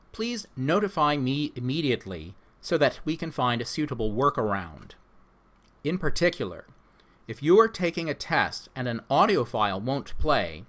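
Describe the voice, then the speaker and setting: Man giving a measured course orientation. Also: medium pitch, fairly bright tone. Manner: measured, instructive. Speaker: instructor.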